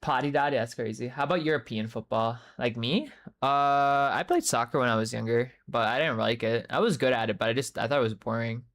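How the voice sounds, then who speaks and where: A man's voice: mid-range voice, expressive, brisk, fairly bright tone. Rambling young man chatting on stream. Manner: rambling, loose and profane, many fillers; answers chat messages by name mid-story. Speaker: livestreamer reading chat. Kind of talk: casual live-stream chat.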